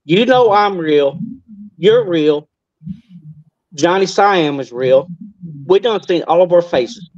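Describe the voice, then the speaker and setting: Fast-talking man, dull dry sound. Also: high voice, lively intonation, no echo. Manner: fast-talking, insistent but polite. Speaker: guest. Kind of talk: heated online call-in debate.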